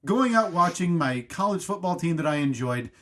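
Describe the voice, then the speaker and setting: A man in his thirties trades stories on a casual podcast, drifting and self-mocking as he talks. His voice sits a little high for a man. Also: lively intonation, normal speed, fairly bright tone. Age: 30s. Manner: rambling, self-mocking storyteller. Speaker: podcast co-host. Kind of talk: casual chat, storytelling.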